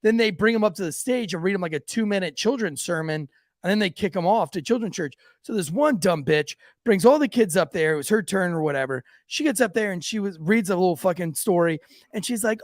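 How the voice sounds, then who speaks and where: A man's voice: high voice, lively intonation, brisk, dry recording, studio quality. A man hosting a podcast, telling profane, laughing stories from police work and acting out the people in them. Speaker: podcast host, police officer. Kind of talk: casual storytelling banter.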